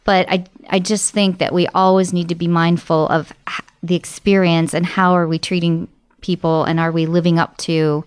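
A woman's voice: lowish voice, little pitch movement, normal speed, clear, resonant tone. Earnest woman telling a story. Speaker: guest, marketing director. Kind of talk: interview conversation.

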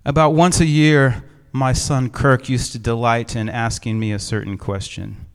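A middle-aged man, a pastor, preaching a sermon in an empty church sanctuary, with measured, reflective storytelling and gentle humor. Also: mid-range voice, fairly even intonation, clean tone.

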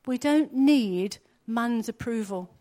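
A high-voiced woman delivers an earnest sermon in a conversational tone. She often puts questions to her listeners. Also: lively intonation, takes it slowly, dark tone. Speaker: preacher.

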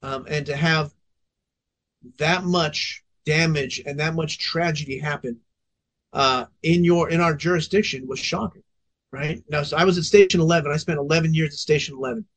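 A man's voice: fairly high pitch, fairly even intonation, moderate pace, a bit bright. A man in his forties, a veteran fire officer, telling a story on a podcast in an intense, profanity-laced way.

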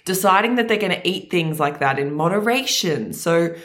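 A young Australian woman hosting a wellness podcast, talking in an energetic, chatty way with a slightly deeper morning voice. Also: moderate pace. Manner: energetic, chatty, hype-girl enthusiasm. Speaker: podcast host and wellness coach. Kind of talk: upbeat podcast monologue.

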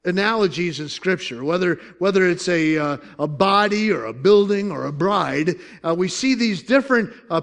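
A man pastor preaching a sermon in a conversational way, with joking asides and questions to the congregation. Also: high voice.

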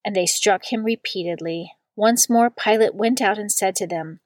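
A woman giving a steady, measured scripture reading. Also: mid-range voice, dry recording.

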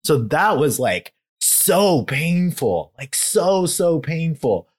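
A young man in a candid conversation about faith, talking in a halting, heartfelt way with many fillers and growing emotional. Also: on the high side, big pitch swings. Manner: grows emotional while talking. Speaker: guest.

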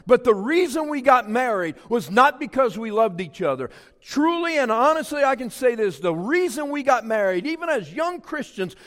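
A man's voice: high-pitched, long reverb tail. A man in his fifties from South Louisiana, preaching a sermon with emphatic, rising repeated phrases. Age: 50s. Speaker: pastor.

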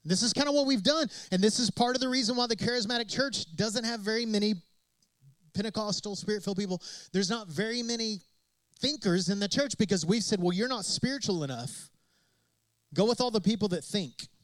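High-voiced emphatic male pastor preaching. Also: a little fast, fairly bright tone, no room sound, low-quality recording. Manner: emphatic, repetitive preaching with rhetorical questions. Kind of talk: sermon.

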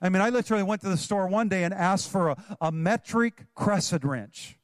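A middle-aged male pastor preaching to his congregation in a church, lively and exhorting with touches of humor. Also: high-pitched, brisk, no echo. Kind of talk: sermon.

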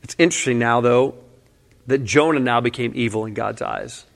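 A man's voice: medium pitch, moderate pace, creaky. A man preaching a conversational sermon in a candid, casual way, often saying "man" and breaking into short laughs. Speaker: pastor.

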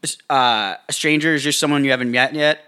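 A young man co-hosting a podcast, chatting casually with goofy deadpan humor and stumbling restarts. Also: mid-range voice, a little fast, clean tone. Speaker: podcast co-host. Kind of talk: casual chat.

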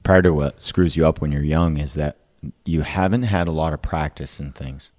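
A man's voice: very deep voice, normal speed, darkish tone. A man in a casual chat, mostly giving brief agreements and a thoughtful remark. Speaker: father of the host.

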